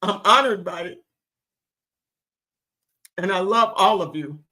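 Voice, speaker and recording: Woman host, unhurried, drawn-out and emphatic, sweetly affectionate, calling listeners "baby", clear bright tone. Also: mid-range voice. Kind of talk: live talk show, reading chat.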